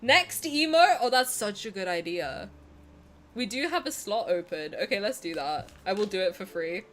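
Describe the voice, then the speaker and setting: A woman's voice: mid-range voice, very animated, moderate pace, a bit bright, slight background noise. A young Southern English woman streaming a game, chatting casually in a bubbly, giggly, self-mocking way. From South of England.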